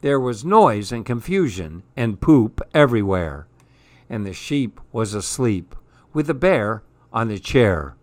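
Slow, measured man reading a rhyming story. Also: medium pitch, big pitch swings, no echo. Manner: measured, rhythmic. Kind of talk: reading a rhyming picture book aloud.

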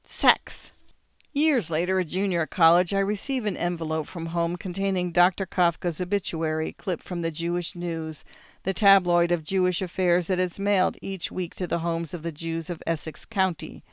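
A measured, reflective narrator reading literary fiction aloud. The voice is smooth and resonant, recorded on a close studio mic with a completely dry sound. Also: medium pitch, fairly even intonation, dry recording. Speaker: audiobook narrator.

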